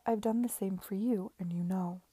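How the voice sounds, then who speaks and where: A woman reading the part of an anxious, fretful gentleman in an audiobook, worried and pleading. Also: medium pitch, fairly even intonation, normal speed, slightly rough, no echo, natural voice.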